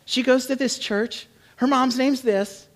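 A man's voice: very high voice, fairly even intonation, measured pace, voice pushed up. A man voicing an eager mother pushing her child toward a date. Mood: pushy. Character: pushy matchmaking mother.

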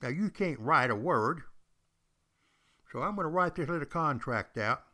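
A man's voice: fairly high pitch, expressive, moderate pace, sharp tone. A man playing a coaxing ship recruiter. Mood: persuasive. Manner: salesy, coaxing, repetitive. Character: smooth-talking English ship recruiter, male adult.

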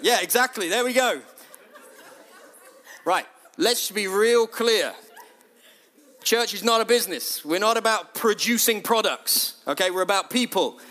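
This is a middle-aged man with a high voice, preaching to his church. He talks in an easy, conversational way and often lifts his voice to act out what other people say. His tone stays lively and chatty throughout. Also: measured pace, pauses often. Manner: lively, conversational, acts out quotes in a raised voice. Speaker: church leader. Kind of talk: sermon.

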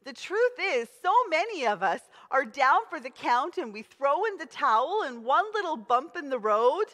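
A woman's voice: high voice, sing-song, normal speed, a bit bright, in a large hall. A woman preaching a sermon, emphatic and conversational as she tells the story. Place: church auditorium.

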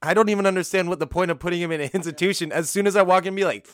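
A man's voice: high voice, very fast, smooth, no room sound. A man in casual chat, making blunt, crude jokes.

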